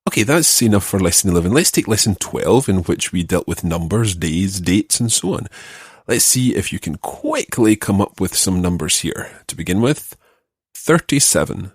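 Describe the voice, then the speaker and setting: A man teaching a podcast language lesson, patiently giving phrases and slowing down to model pronunciation. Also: low voice, lively intonation, husky, no echo, studio quality.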